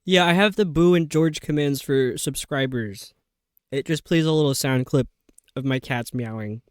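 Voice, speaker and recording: A woman's voice: very deep voice, measured pace, pauses often, a little mellow, no echo, studio quality. A woman streamer chatting casually over a video game, rambling and poking fun at herself. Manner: chatty, rambling, self-mocking. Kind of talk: casual livestream commentary.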